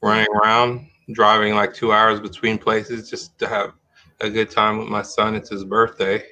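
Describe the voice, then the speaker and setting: A man's voice: lowish voice, little pitch movement, normal speed, bright, forceful tone. A middle-aged man hosting a live-streamed talk show in casual chat, rambling and restarting his sentences as he thinks aloud.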